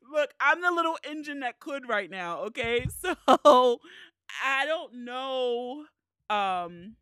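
A woman's voice: on the high side, fairly bright tone, clear, resonant tone, no echo, clean studio sound. A woman hosting a solo podcast, crying as she speaks candidly and swears casually. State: tearful, crying. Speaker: podcast host.

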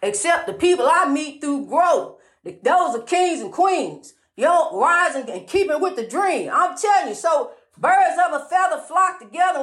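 High-voiced woman preaching in an echoey room. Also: fairly bright tone. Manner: sing-song, calls listener "honey", repeats rhyming phrases. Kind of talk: preachy motivational monologue.

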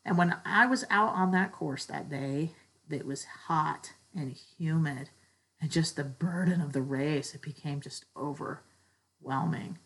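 Woman speaker, low and husky, earnest personal faith talk. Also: unhurried, a bit bright, poor audio. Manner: earnest, heartfelt storytelling. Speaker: church speaker.

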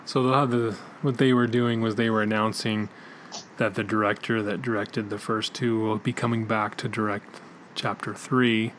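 Relaxed male podcast co-host. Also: fairly low pitch, moderate pace, slight background noise. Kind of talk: casual chat.

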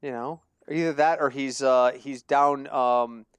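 A man's voice: medium pitch, steady tone, measured pace, clear, resonant tone, no room sound. A man co-hosting a casual sports betting podcast, telling stories animatedly and laughing at his own jokes. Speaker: podcast co-host.

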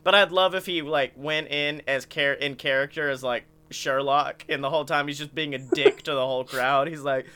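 A man co-hosting a podcast, excitable and swearing often in casual chat. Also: a little high, moderate pace, few pauses, clean tone. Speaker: podcast co-host.

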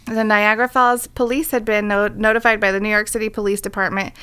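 A woman's voice: medium pitch, little pitch movement, quick pace, bright, forceful tone, clear, resonant tone. Woman, podcast co-host, casual chat, reads news aloud, swears freely, blunt asides. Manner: irreverent, swearing, reads news then jokes.

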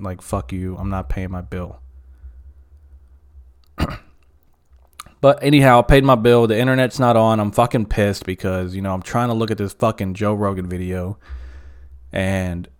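A man with a fairly low, clear, resonant voice hosts a casual solo podcast. He rambles, swears freely, and uses lots of fillers.

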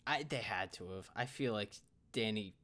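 A man's voice: lowish voice, normal speed, sharp tone. A man co-hosting a podcast, adding wry remarks and plot details in casual chat about a movie. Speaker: podcast co-host.

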